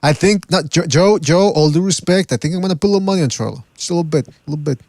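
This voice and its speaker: A man's voice: a little high, racing, a little mellow, no room sound. A man hosting a call-in boxing podcast, talking in a loose, rambling, joking way with restarts and the odd swear. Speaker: podcast host.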